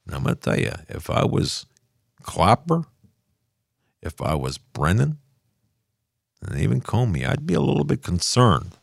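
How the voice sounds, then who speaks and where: A man's voice: fairly low pitch, wildly swooping pitch, a little slow, vocal fry, long pauses, breathy edge, no room sound. An older man hosting a rambling political commentary monologue from his home office studio, often losing his thread and picking it back up.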